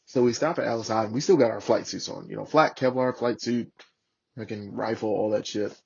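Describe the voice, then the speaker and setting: A man in his thirties, a former Marine guest on a podcast, telling war stories in a casual, profane, animated way and acting out the voices of the people in them. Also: fairly low pitch, brisk, creaky, slightly rough, lo-fi sound. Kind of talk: casual storytelling.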